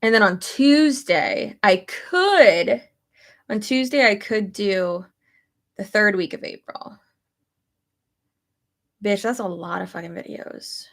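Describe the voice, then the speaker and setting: A woman's voice: mid-range voice, animated, takes it slowly, vocal fry, pauses often. A young pregnant woman chatting casually on a stream, thinking aloud and swearing now and then. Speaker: YouTuber. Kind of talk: casual chat reading stream comments.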